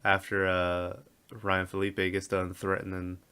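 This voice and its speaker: Man, low-pitched, casual podcast co-host, laughs a lot, gets animated retelling scenes. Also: measured pace, clear, resonant tone. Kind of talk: casual chat.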